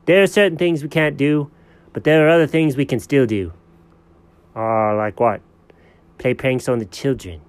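A man voicing a goofy, gullible male house dog who talks slowly to himself. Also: mid-range voice, smooth, no room sound, natural voice. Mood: dopey. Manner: slow, dopey and self-talking.

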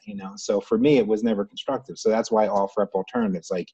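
A low, husky-voiced American man speaks over a dry, dull-sounding mic. He talks loosely and reflectively, restarting often as he works his thoughts out. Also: fairly even intonation, quick pace, hardly any pauses, a little mellow, dry recording. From United States. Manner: rambling, reflective, with many restarts. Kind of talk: casual conversation.

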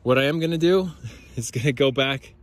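This is a rambling walk-and-talk monologue by a podcast host strolling outdoors beside a creek. His voice is medium in pitch and his pace moderate, and he swears freely while talking to listeners as "guys."

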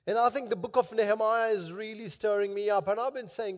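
A man's voice: high-pitched, brisk, few pauses. A male pastor preaching and praying in an emotional, prayerful way, repeating his phrases. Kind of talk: sermon with prayer.

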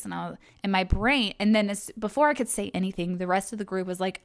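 A woman's voice: mid-range voice, fairly quick, few pauses, clear, resonant tone, dry recording. A young woman from Kentucky hosting her own podcast, talking in a chatty, rambling way with lots of fillers and self-corrections. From Kentucky, USA. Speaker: podcast host. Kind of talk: casual solo podcast monologue.

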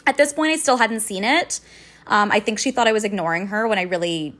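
A woman's voice: mid-range voice, brisk, fairly bright tone. A young woman telling a personal story in a casual vlog, swearing freely and sounding indignant as she recounts it.

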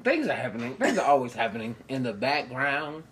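A young man from the United States cohosting a loose, comedic conversation. He rants with plenty of profanity, breaks into laughter often, and gets loud when riled up. His pitch sits in an ordinary middle range. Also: sing-song, a little fast, slight background noise. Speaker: podcast co-host. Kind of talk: casual comedic chat.

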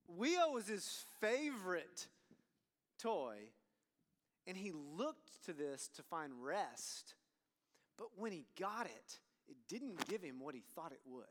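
A man, preaching a sermon as an animated storyteller who swings between loud and hushed. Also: high-pitched. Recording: long hall reverb.

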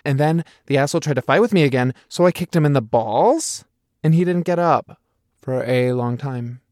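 This is a chatty, rambling young man from a storybook, cheerful and a little scatterbrained, as a male narrator puts him on. He sits slightly above the narrator's own pitch, and the reading sounds dry and close. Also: normal speed, darkish tone, no echo, lightly acted. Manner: rambling, chatty, self-deprecating.

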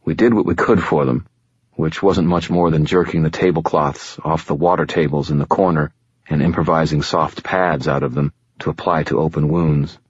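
Male audiobook narrator: steady and grim, dry close sound, slightly dull lo-fi quality. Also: very deep voice, normal speed, slightly rough, dry recording. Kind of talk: first-person audiobook narration.

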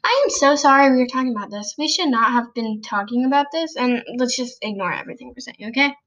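A woman's voice: high voice, animated, quick pace, a bit bright, muffled recording. Flustered apologetic teenage girl. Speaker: podcast co-host. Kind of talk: apologetic voice-over interjections.

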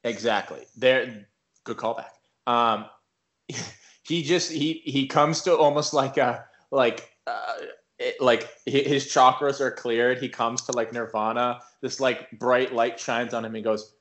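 A man's voice: mid-range voice, steady tone, unhurried, fairly bright tone. Young man joking on a podcast. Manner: laid-back, joking banter. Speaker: podcast co-host. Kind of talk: casual chat.

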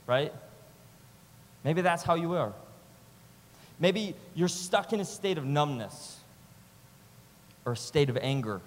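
A man preaching a sermon with passion, swinging between loud urging and quiet, close moments, using repetitive rhythmic phrasing. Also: mid-range voice. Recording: long hall reverb.

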